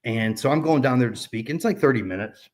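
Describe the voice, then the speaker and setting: A man's voice: mid-range voice, lively intonation, quick pace. A man in his thirties telling a personal story in a casual chat, rambling with many fillers and restarts. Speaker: podcast guest.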